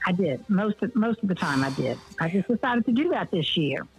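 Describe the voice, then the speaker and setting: A woman's voice: lowish voice, very animated, brisk, slightly rough, faint music behind, rough recording. An older woman from New Orleans, the host's mother, chatting casually on a radio show, easygoing and giggly, unsure of her facts. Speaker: host's mother, guest caller. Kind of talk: casual chat.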